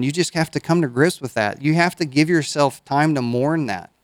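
A man's voice: a little high, clear, resonant tone, dry recording. Man, pastor, folksy conversational sermon, resonant tone, dry close mic. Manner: conversational preaching with folksy asides and restarts.

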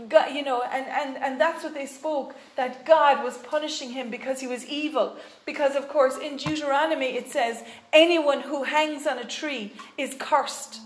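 A woman's voice: sits high, fairly even intonation, moderate pace, few pauses, reverberant. A woman preaching a sermon in an earnest way, with frequent fillers and restarts.

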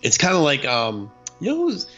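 A man's voice: fairly high pitch, wildly swooping pitch, normal speed, fairly bright tone, breathy edge. A man in casual chat who talks animatedly and breaks into mock voices. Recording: dull lo-fi recording with faint music.

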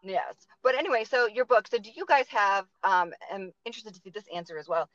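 A woman with a Boston accent hosts a relaxed interview, talking on and on with plenty of fillers. The sound is dry and a little dull, with no room echo. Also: medium pitch, brisk. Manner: chatty, lots of fillers and likes. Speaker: podcast host. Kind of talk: casual interview chat.

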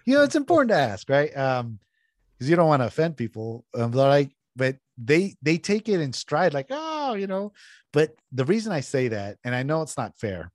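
A middle-aged man from California chatting casually as a podcast host, telling stories with big swings in pitch and cursing when annoyed. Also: moderate pace, no room sound, clean studio sound. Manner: animated storyteller, swears freely, jumps in pitch when riled up. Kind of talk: casual chat.

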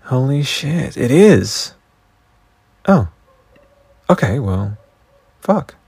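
An Australian man hosting a casual solo podcast, swearing freely and wandering off on excited tangents. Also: mid-range voice, extremely slow, gravelly, husky, no echo. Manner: profane, excitable, goes off on tangents. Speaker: podcast host.

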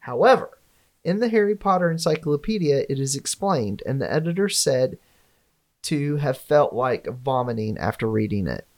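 Podcast co-host, casual, steady note-reader, mid pitch. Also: normal speed. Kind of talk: casual podcast chat, reading notes.

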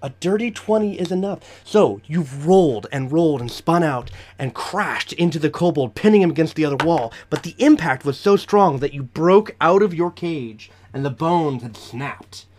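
A man's voice: on the high side, animated, moderate pace, hardly any pauses, a little mellow. A man running a tabletop game as game master, narrating the action vividly and chatting with frequent fillers.

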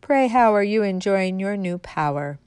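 A woman doing a calm, probing mysterious stranger. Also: mid-range voice, smooth, no echo, clean studio sound, close to an everyday voice. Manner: measured, questioning delivery.

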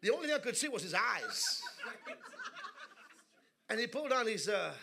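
A man preaching a sermon in a church service, telling humorous stories and leading the congregation in call-and-response that builds to shouting. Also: very high-pitched, big pitch swings, moderate pace, creaky, noisy background. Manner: humorous storytelling asides. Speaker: guest preacher.

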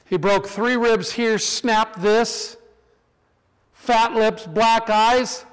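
Male preacher, high and clear-voiced, animated storyteller; sermon in a reverberant hall. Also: extremely slow. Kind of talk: sermon with personal stories.

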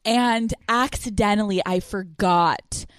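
Young woman, podcast co-host, frank and foul-mouthed storyteller, mid-pitch voice, dry close sound. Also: slow, no room sound. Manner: candid, profane storytelling with quoted voices. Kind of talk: casual podcast chat. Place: small room, no producer present. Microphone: podcast microphone.

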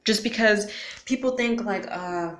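With a medium-pitched, slightly bright voice and an unhurried pace, a young woman chats to camera as a vlogger. She's slangy, full of questions, uses "like" a lot, and curses at times; the room echoes noticeably.

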